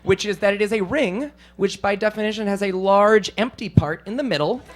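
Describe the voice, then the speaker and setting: A male stand-up comedian performing for a live club audience, animated and self-deprecating, often slipping into silly voices. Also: sits high, fairly quick, a little hiss or hum.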